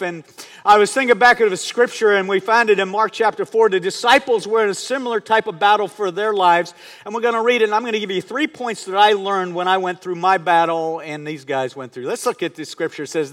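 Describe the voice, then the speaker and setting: A middle-aged male pastor preaching a sermon, earnest, dropping to hushed tones and rising to emphatic bursts. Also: high voice, brisk. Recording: long hall reverb.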